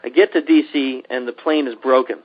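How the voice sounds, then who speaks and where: A man from Pennsylvania hosts a casual podcast chat. He tells his story with animated energy and acts out the voices of the people in it. The sound is slightly muffled and lo-fi. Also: medium pitch, a little fast, husky. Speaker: podcast host. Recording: dull lo-fi podcast audio.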